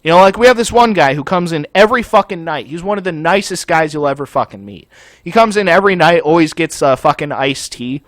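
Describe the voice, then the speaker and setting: Furious, animated swearing gaming host. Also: male voice, a little high, a little fast, dry recording. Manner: profane, furious, yelling rant. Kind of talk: angry ranting commentary over gameplay.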